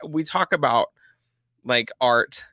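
A woman co-host chats on a podcast with a bright, sharp voice that rises and falls freely. The sound is dry and close, and she laughs easily while she backs up her guest. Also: very deep voice, animated, takes it slowly, no room sound. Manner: laughs easily, playful and supportive. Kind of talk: casual podcast chat.

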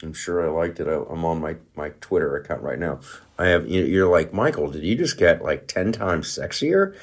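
A middle-aged man hosting a comedy podcast, ranting in a profane, worked-up way and breaking into loud outbursts. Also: low-pitched, animated, normal speed. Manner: mumbling around a guitar pick in his mouth. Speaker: podcast host. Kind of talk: casual comedic political rant.

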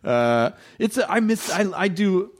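An animated male host talks in casual conversation. He is chatty, laughs often, and keeps the talk moving. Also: high-pitched, measured pace.

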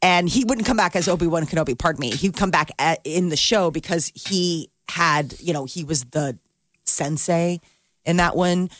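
A woman's voice: on the low side, moderate pace, a bit bright, a little hiss or hum. A woman co-hosting morning radio, chatty and giggly as she runs through entertainment news. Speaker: radio co-host. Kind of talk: casual morning show banter. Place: radio studio.

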